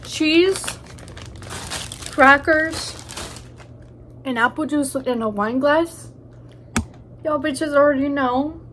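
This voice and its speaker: A young woman talks slowly in a high voice, chatting crudely and joking as she eats on camera at home. Her nose sounds stuffy from allergies, and a faint hum of room noise sits under her voice. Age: young adult. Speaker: vlogger. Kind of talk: casual mukbang chat.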